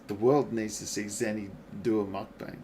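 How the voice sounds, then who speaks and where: A man streaming a game and chatting with his viewers, swearing freely, laughing often and reacting loudly to their messages. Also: fairly low pitch, little pitch movement, moderate pace, slight background noise. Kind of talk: casual gaming livestream chat.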